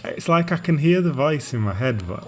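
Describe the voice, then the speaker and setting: A man streaming a game live, chatting casually and narrating what he does in a relaxed way. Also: a little high, moderate pace, crowd noise. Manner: relaxed, narrating his gameplay.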